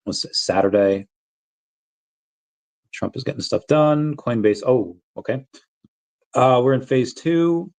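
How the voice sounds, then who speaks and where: A man hosting a casual crypto livestream, rambling in a relaxed way with many fillers and bouts of hiccups. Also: mid-range voice, slow, gravelly, long pauses. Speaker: crypto channel host.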